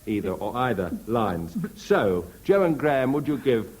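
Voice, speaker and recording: Deadpan man chairing a panel game. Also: medium pitch, normal speed, husky. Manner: dry, deadpan scoring announcements. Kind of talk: comedy panel show hosting.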